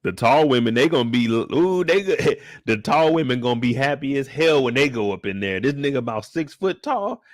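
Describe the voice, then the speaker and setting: A man hosting a casual live recap of a series, talking in an animated, slangy, playful way. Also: medium pitch, normal speed, hardly any pauses, no echo, studio quality. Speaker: show host recapping a series.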